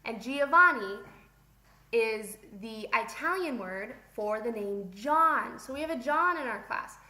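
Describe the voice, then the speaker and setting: A young woman leads a playful vocabulary lesson, chatting with a class only she can see. Her voice sits high and bright, and she takes her words slowly and deliberately. The sound rings in an echoey classroom. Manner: playful, animated, talks to pretend students. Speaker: teacher.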